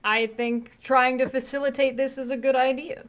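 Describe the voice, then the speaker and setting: Woman game master, teasing and blunt, kinda high voice. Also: little pitch movement, normal speed, clean tone. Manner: laughing, teasing, matter-of-fact. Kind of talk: running a tabletop game.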